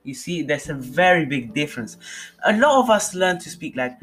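A man's voice: fairly high pitch, lively intonation, normal speed, fairly bright tone. A man in a casual conversation who explains things and asks questions. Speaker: conversation partner.

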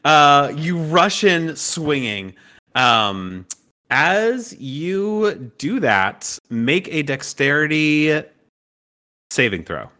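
A man runs a tabletop game at an unhurried pace, his voice bright and forward. He laughs easily and fills his descriptions with ums, likes and restarts. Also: a little high, sing-song. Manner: laughs often, many fillers and restarts while describing. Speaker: game master.

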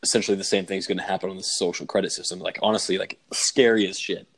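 A man's voice: low voice, steady tone, fast. A young man hosting a casual podcast, laid-back and chatty, swearing and using lots of filler words. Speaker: podcast host. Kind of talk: casual chat.

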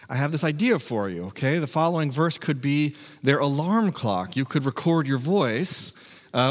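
A man preaching a sermon in a humorous, animated, self-mocking way. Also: fairly high pitch, long reverb tail. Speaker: pastor.

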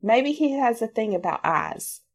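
A woman's voice: a little high, very animated, unhurried. A woman in her thirties co-hosting a casual podcast, swearing freely, laughing often and acting out quoted voices. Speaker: podcast co-host. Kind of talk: casual chat.

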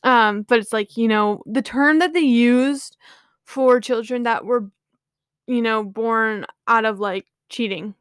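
A woman's voice: a little high, slow, smooth, no room sound, studio quality. A woman casually retelling a myth to her viewers, rambling with lots of "like" and "you know".

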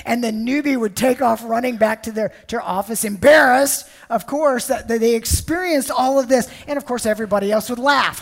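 A woman's voice: a little high, normal speed, hardly any pauses. A woman preaching a sermon, emphatic and storytelling, often repeating words.

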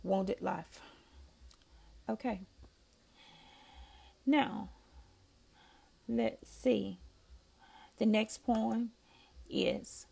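Slow, gravelly-voiced woman reading poetry. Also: mid-range voice, fairly even intonation. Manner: slow, soft-spoken, with long pauses. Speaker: poet reading her own poems.

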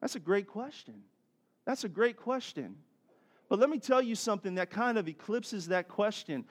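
A middle-aged man preaching a sermon as pastor, telling stories with animated swings from soft to loud. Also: sits high, normal speed.

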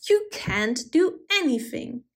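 A sly bad fox from a storybook snickers and howls his taunts, as a woman reads him. His voice sits high and bright, pushed up well above plain talk. He is scheming and boastful. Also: big pitch swings, takes it slowly, heavily acted.

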